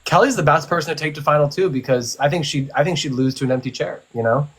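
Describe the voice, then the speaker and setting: A man chatting on a live stream as an eliminated contestant, blunt and quick to laugh. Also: on the high side, fairly bright tone, slightly rough. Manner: blunt, laughing, swears casually. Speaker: eliminated reality show contestant. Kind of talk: casual live-stream chat.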